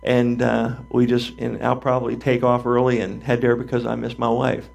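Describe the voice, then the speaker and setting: Older male pastor, gravelly, animated storytelling sermon. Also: mid-range voice, moderate pace. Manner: animated storytelling, acting out voices.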